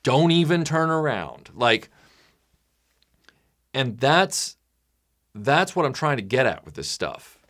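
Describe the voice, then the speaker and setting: A man speaking casually to his supporters in a lively, swooping voice of middling pitch. He rambles through a long setup, restarting phrases as he goes. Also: slow, long pauses. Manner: animated, rambling storytelling with restarts. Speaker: creator addressing patrons. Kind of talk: casual monologue.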